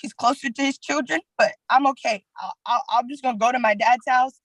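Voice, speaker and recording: A woman giving testimony at a court hearing, retelling events in a halting way with many fillers. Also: on the high side, no echo, poor audio.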